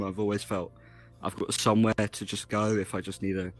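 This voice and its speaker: Low-voiced man, choked up and grateful. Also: fairly even intonation, normal speed. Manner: soft, grateful, laughs nervously. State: emotional, choked up. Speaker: team member.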